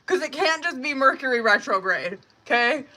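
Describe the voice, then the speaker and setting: A woman's voice: sits high, lively intonation, normal speed, sharp tone. A woman in her thirties or forties chatting casually on a live tarot stream, blunt and profane, laughing often as she reads out messages. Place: home kitchen.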